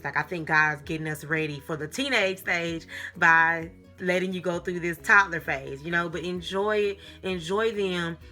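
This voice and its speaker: Chatty young mom with bright tone. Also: female voice, on the low side. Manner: chatty, animated, repeats herself, laughs often. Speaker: mom vlogger. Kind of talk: casual advice vlog.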